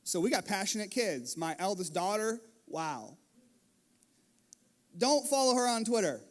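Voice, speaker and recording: Man preaching, high voice, animated storyteller, middle-aged pastor. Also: a little slow. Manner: animated storytelling, acts out his kids and himself. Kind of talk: sermon. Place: church stage.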